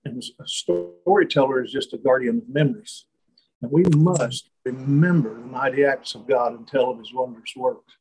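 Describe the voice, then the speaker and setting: A man speaking as a guest, telling a reflective story in conversation, halting and restarting often. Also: medium pitch, darkish tone, husky, poor audio. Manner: slow, halting, many restarts and fillers.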